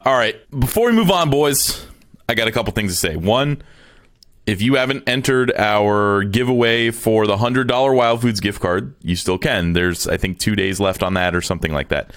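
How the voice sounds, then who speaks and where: Low-voiced man casually co-hosting a podcast. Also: normal speed, a bit bright. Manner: laid-back, laughs easily, self-correcting. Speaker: podcast co-host. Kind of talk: casual chat.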